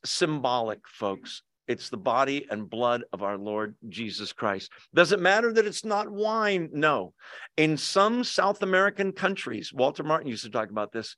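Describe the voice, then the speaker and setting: A man leads a Bible study in a relaxed, joking way, checking in with his listeners through quick questions. His voice sits a little high for a man. The sound is dry and close, with almost no room echo. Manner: conversational, jokey, asks the audience questions. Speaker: pastor. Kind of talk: casual Bible study teaching. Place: church hall, with Zoom viewers.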